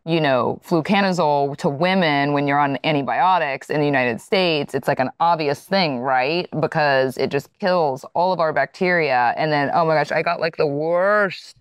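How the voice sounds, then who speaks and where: A woman's voice: deep voice, moderate pace, few pauses, clear, resonant tone, no room sound, studio quality. A woman co-hosting a podcast in casual chat, frank and teasing. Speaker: podcast co-host.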